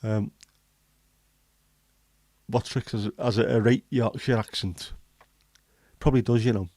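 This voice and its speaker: A man's voice: medium pitch, fairly even intonation, a little slow, mellow, dry recording. A man, hosting a casual livestream and chatting with viewers in a joking way. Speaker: livestream host.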